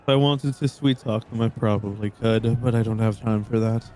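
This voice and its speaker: A man playing a calm, persuasive male bard, the son of a demon lord, in a near-everyday voice. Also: fairly low pitch, moderate pace, a little hiss or hum, natural voice. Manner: calm, persuasive, self-assured.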